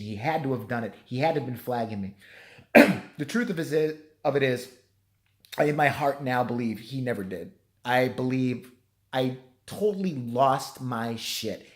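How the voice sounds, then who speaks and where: A man vlogging a rambling, profane apology at home, his voice strained from yelling. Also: medium pitch, animated, measured pace. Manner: profane, rambling, self-deprecating.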